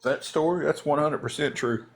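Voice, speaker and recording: A man's voice: on the high side, moderate pace, vocal fry. A man, a former pro wrestler, casually telling a story on a live stream, acting out the voices of the people in it.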